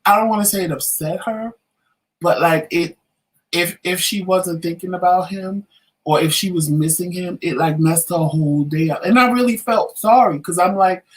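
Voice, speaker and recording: A man's voice: a little high, rough recording. Guy on a talk show telling a story, acting out all the quotes. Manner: animated storyteller, acts out quotes. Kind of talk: casual storytelling chat.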